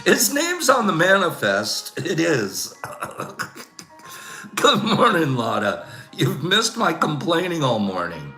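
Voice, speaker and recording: An older man hosts a casual livestream, telling rambling complaint stories, laughing often and habitually saying "Okay?". His fairly high voice swoops wildly in pitch, with a slow pace, frequent pauses and a sharp tone, in an echoey room with soft background music.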